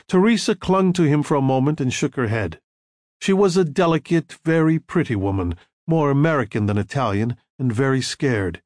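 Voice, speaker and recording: Expressive male audiobook narrator, dry sound. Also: medium pitch, dry recording. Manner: measured storytelling with acted dialogue.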